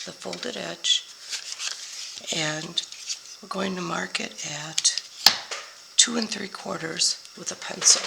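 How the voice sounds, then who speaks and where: A woman's voice: on the low side, gravelly. An older woman with a scratchy voice from being ill, chatting her way through a card-making tutorial and sometimes losing track of product names. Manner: chatty, forgets product names mid-sentence. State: scratchy voice from a week-long illness. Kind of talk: crafting tutorial.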